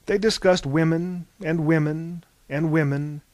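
A man reading a comic story aloud in a slow, deadpan manner. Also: a little high, no echo. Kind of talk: scripted narration.

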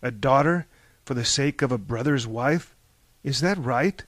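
A male narrator reads the story at an unhurried, deliberate pace. His voice sits at an ordinary middle pitch, and the booth around it is dry and close. The dialogue gets a theatrical lift. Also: fairly bright tone, no room sound. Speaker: audiobook narrator. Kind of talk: scripted narration.

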